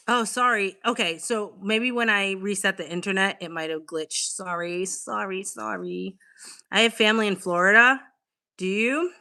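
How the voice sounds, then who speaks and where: A woman hosting a casual livestream, chatting to her viewers in an excitable way and swearing freely. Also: medium pitch, normal speed, gravelly. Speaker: livestream host.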